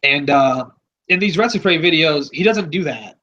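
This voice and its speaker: A man's voice: on the high side, expressive, moderate pace, pushed and bright, lo-fi sound, a little hiss or hum. A man hosting a podcast, talking in a rambling, offhand, casual way and swearing freely. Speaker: podcast host.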